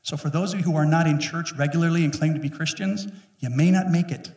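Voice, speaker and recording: A man in his fifties preaching a sermon as pastor, emphatic and joking, often acting out quick voices. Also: on the high side, a little mellow. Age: 50s. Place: church sanctuary. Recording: echoey room, mic at a distance.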